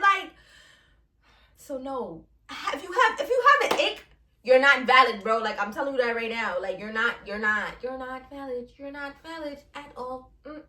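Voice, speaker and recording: A woman's voice: high-pitched, fairly bright tone, recorded from a distance. A young woman from Brooklyn with a New York accent, hosting a casual solo podcast in a blunt, sassy way and laughing often. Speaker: podcast host. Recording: roomy sound, a bit off the mic.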